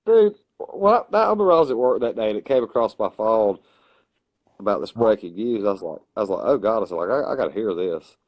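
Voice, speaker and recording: A man with a lowish voice co-hosts a casual podcast, talking fast and eagerly retelling stories. He's an animated storyteller who replays debate moments full of fillers and restarts. The audio sounds dull.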